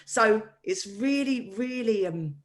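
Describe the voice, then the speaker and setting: A woman co-hosting a relaxed therapy talk, animated and playful, trailing off and restarting as she thinks aloud. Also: on the high side, takes it slowly. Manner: animated, playful, breaks into sung and whispered asides. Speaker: co-host, therapist. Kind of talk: casual therapy chat.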